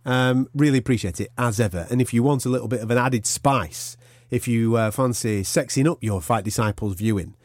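A man's voice: mid-range voice, a little fast, hardly any pauses, no room sound. A man hosting a podcast in chatty, teasing banter with his co-host. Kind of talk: casual chat.

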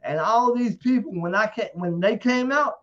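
High-voiced man telling a wild story. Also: moderate pace. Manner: profane, animated, acts out quotes. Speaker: interview guest. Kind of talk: casual storytelling. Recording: dull lo-fi audio.

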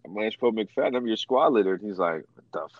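A young man with a low, deep voice recounts his service in loose, profane, animated talk, acting out what others said. The sound is dry and slightly dull, as if from a modest podcast mic. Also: racing, dry recording. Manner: animated, acts out quotes with swearing. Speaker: veteran guest telling war stories. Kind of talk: casual storytelling, profane.

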